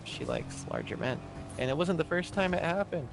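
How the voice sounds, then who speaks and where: A man in casual chat, laid-back and supportive, telling a quick story of his own. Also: mid-range voice, vocal fry, noisy background. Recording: music playing behind the voice.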